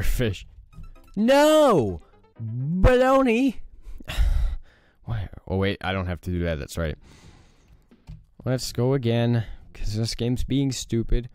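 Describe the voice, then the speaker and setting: A young man giving casual let's play commentary, reacting loudly to the game, groaning and swearing. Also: lowish voice, normal speed, smooth, faint music behind. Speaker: gaming YouTuber.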